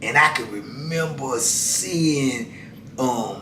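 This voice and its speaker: Animated storytelling man in an echoey room. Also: mid-range voice, distant mic. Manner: animated, drawn-out storytelling with frequent "man" and "you know". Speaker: channel host telling prison stories. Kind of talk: casual storytelling. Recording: echoey room, voice away from the mic, faint background noise.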